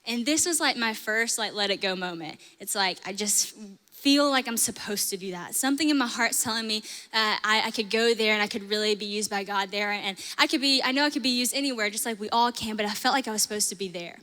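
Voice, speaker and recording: A young woman sharing a personal faith testimony, earnest and animated, with lots of "like". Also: medium pitch, brisk, long reverb tail. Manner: earnest, animated storytelling with frequent "like". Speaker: host sharing her testimony.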